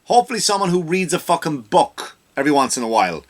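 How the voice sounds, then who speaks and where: A man hosting a comedy podcast, delivering an animated rant into a studio microphone that climbs into loud, mocking outbursts. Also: a little high, fast. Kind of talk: ranting comedy monologue.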